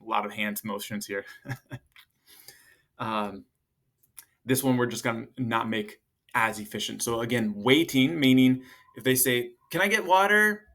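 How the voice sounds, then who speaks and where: A man in his thirties giving casual parenting advice to camera. He talks loosely with fillers and jumps into a higher voice to act out short lines of parents and kids. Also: steady tone, unhurried, pauses often, fairly bright tone. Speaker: parenting coach.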